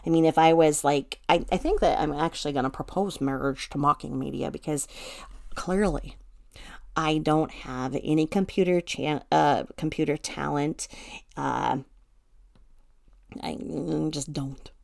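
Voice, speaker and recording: A low-voiced woman talks through a reaction video in a loose, rambling way. She restarts often and trails off mid-thought. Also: unhurried, vocal fry, darkish tone. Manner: rambling, chatty, many restarts. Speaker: commentary channel host. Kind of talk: reaction commentary.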